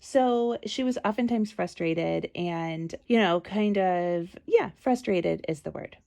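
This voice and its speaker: A woman's voice: on the low side, slow pace, creaky, a little mellow. A woman hosting a casual solo podcast, telling a story in a chatty, conversational way with many asides, recorded at home on a close mic. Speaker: podcast host and parent advocate.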